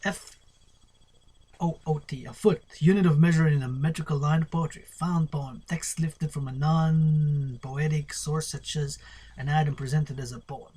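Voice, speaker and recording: Husky guy reading poetry terms out loud, spells them letter by letter, kinda playful, trails off quiet. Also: on the high side, steady tone, unhurried. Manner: playful, spells words letter by letter, drifts to murmurs. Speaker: poet reading a poetry glossary. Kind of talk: solo spoken-word poetry lesson.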